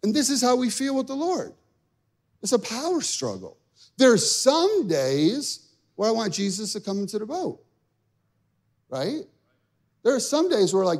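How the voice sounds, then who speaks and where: A young adult man with a notably high voice delivers a sermon. His preaching is conversational and humorous, slipping into playful acted-out inner monologues. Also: sing-song, a little slow, pauses often. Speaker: pastor.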